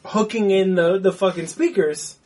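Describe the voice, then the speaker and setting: Podcast co-host, man, husky, blunt opinions, heavy swearing. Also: sits high, normal speed, a little mellow. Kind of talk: casual movie discussion.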